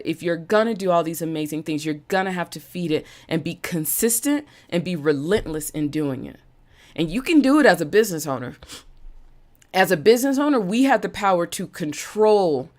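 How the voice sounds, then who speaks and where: A woman hosting a live-streamed motivational talk, emphatic and repeating phrases for emphasis, with an occasional cough. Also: on the low side. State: coughing now and then. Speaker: podcast host and business coach.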